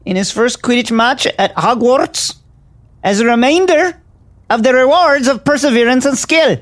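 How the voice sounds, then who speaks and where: A man's voice: very high-pitched, moderate pace, fairly bright tone, voice pushed up. A man voicing a stern older male government minister who reads out a will in a raised, declaiming voice, as part of a podcast dramatic reading.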